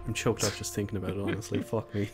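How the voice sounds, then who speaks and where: Casting: low-voiced male podcast co-host, blunt and emphatic, loose chat, faint music underneath. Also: little pitch movement, rapid-fire. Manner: emphatic, swears freely. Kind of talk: casual chat.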